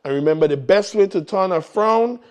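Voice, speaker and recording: A man's voice: high-pitched, expressive, brisk, darkish tone. Upbeat man hosting live. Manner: upbeat, repetitive exhortations to the audience. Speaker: morning show host. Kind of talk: casual live show chat.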